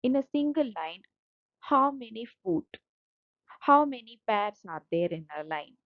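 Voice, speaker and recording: Slow-talking woman teacher. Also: mid-range voice, no echo. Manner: repetitive, patient explaining with frequent fillers. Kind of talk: explaining slides in a lecture. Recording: dull lo-fi dry audio.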